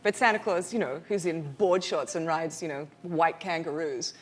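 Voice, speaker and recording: A woman's voice: low-pitched, moderate pace. An Australian woman with an Australian accent, a guest on a talk show, easygoing and self-deprecating, laughing often. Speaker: guest actress. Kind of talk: talk show interview chat. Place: television studio.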